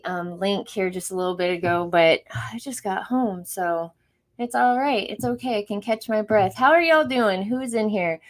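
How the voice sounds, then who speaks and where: A woman hosting a casual livestream from home, chatting, greeting viewers by name and laughing often. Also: mid-range voice. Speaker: livestream host.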